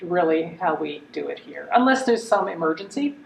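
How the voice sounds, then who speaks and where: Woman, counselor, soft reflective questions, slight hesitations, roomy echo, faint background hiss. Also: on the low side, lively intonation, moderate pace, gravelly, recorded from a distance. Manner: gentle, reflective questioning with small restarts. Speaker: counselor in a training role-play. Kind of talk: clinical interview role-play.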